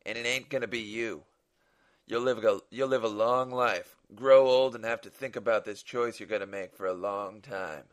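A man reading aloud voices a cold, menacing masked gunman who leads the group, speaking with slow, contemptuous command. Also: on the low side, steady tone, natural voice.

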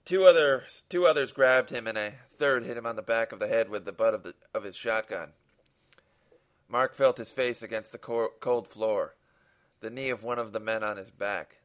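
Man reading his own story aloud. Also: fairly low pitch. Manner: earnest dramatic reading with small restarts.

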